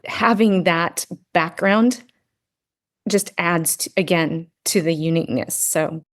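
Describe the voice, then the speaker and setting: A fairly low-pitched, slow-paced woman of middle age tells a personal story with earnest sincerity. Appearing as a podcast guest, this grief and Gestalt practitioner keeps the conversation casual and often adds "right?" to check in.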